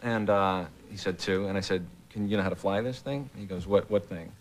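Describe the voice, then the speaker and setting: A man, a guest comedian on a television talk show, telling a rambling anecdote with many pauses and uhs. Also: fairly low pitch, heavy background noise. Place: television studio with audience.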